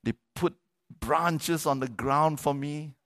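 A man voicing a proud, happy little male donkey in a sermon story, boasting slowly. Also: very high-pitched, a bit bright, clean tone, voice pushed up. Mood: proud, delighted.

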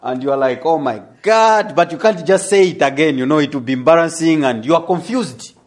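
A young adult man telling a testimony in a sermon, animated and laughing as he tells the story. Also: on the high side, fast talker. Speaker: preacher.

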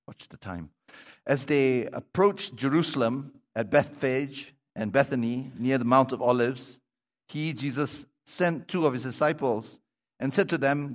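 Male preacher, sermon, reads scripture and comments, church sanctuary, long reverb. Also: on the high side. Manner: reads scripture aloud and breaks off to comment to the congregation. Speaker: pastor.

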